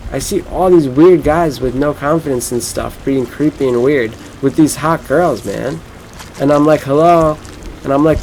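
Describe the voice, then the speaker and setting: A man's voice: medium pitch, a little mellow, a little hiss or hum, poor audio. A young man from Florida talking casually over a game, rambling and cursing as he tells a boastful story. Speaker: gameplay streamer. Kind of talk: casual rambling gameplay commentary.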